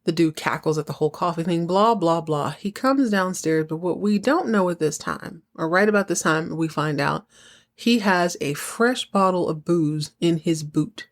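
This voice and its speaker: Lively Southern woman recapping a show. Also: fairly low pitch, moderate pace. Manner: animated, acts out characters' lines. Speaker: podcast host. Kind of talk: casual recap chat.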